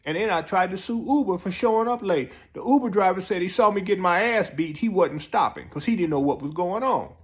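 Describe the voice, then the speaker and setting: A man telling a profane comic story, jumping up high when excited. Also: brisk, hardly any pauses. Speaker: comedian storyteller. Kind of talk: comic monologue.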